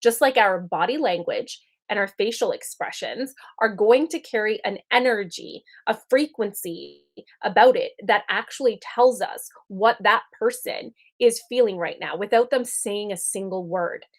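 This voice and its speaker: A woman's voice: mid-range voice, measured pace. A woman in her thirties giving an earnest, conversational spiritual teaching talk. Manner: earnest, conversational, checks in with "right?".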